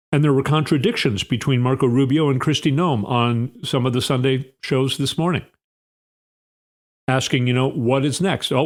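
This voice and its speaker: Blunt, sarcastic man talking politics. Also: medium pitch. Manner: blunt, sarcastic, scornful asides. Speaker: political commentary host. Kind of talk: casual political monologue.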